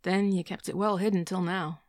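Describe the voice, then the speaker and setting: A woman's voice: fairly low pitch, fairly even intonation, moderate pace, no echo, studio quality, lightly acted. A woman voicing a blunt, evasive man who hesitates and then speaks frankly about a breakup.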